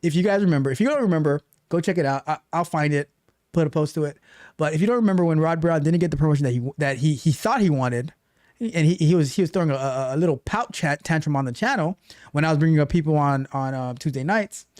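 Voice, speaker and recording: A man hosts a relaxed tech livestream and chats with his viewers. His voice sits a bit high and moves in an animated, repetitive way. The sound is dry and close. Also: fast, no echo. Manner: animated, repeats himself, reads chat aloud. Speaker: livestream host and tech coach. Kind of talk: casual livestream chat.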